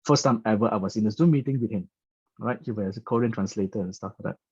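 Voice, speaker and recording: A man's voice: lowish voice, fast talker, darkish tone, husky, no echo, lo-fi sound. A man giving a storytelling business talk in a chatty way, often stammering and repeating words. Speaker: business presenter.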